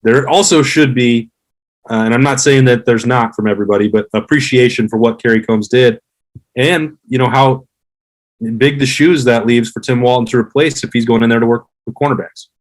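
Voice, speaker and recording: Measured man talking sports. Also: mid-range voice, low-quality recording. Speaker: podcast guest, former player. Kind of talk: casual sports chat.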